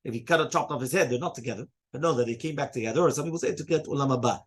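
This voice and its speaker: Guy rabbi going quick through the talmud page, husky voice, reads the hebrew then explains. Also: medium pitch. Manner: quick explanations mixing in Hebrew and Aramaic quotes. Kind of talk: casual Talmud class.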